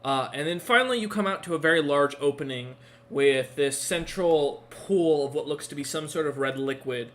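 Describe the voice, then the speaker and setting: Man, game master, casual narration, fillers, fairly high, bright. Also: moderate pace. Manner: casual, with many fillers and self-corrections.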